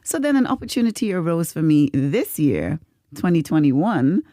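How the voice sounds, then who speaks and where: A woman talks in a relaxed podcast chat, her pitch sitting a little low but swinging widely as she tells a story. She is expressive and quick to laugh. The sound is close and dry, with no room around it. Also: no room sound. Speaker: podcast co-host.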